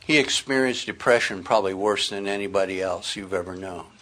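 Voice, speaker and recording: A man's voice: sits low, fairly quick, fairly bright tone. A middle-aged man preaching a sermon, reading scripture aloud and speaking with earnest emphasis.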